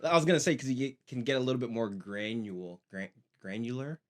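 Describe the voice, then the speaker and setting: A man's voice: mid-range voice, fast, a bit bright. A man co-hosting a casual podcast, easygoing, giving short replies and laughing often. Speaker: podcast co-host.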